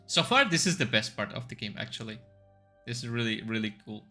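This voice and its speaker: A man's voice: lowish voice, lively intonation, a little fast, pushed and bright, faint music behind. A man streaming a story game, reading its narration aloud and adding casual comments. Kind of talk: let's-play reading and commentary.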